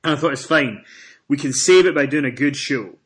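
A man co-hosting a casual wrestling podcast, telling stories with animated swings in pitch and loudness. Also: a little fast. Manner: animated storytelling, rises in pitch and volume when excited. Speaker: podcast co-host.

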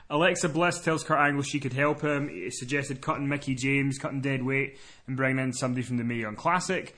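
Male co-host, mid-pitched, sweary recap chat. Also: fairly even intonation, brisk, bright, forceful tone. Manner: profane, laughing, recaps plot in long runs. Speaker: wrestling podcast co-host. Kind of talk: casual chat, recapping a show.

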